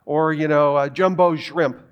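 A man's voice: on the high side, steady tone, unhurried, clean tone, highs cut off. A man preaching a sermon in an emphatic way, asking rhetorical questions and making joking asides.

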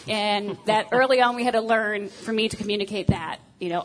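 Woman, candid marriage talk, self-deprecating, filler words, mid pitch. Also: normal speed, low-quality recording. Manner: frank, self-deprecating, with many ums and uhs. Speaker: speaker on marriage. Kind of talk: candid talk to a group of women.

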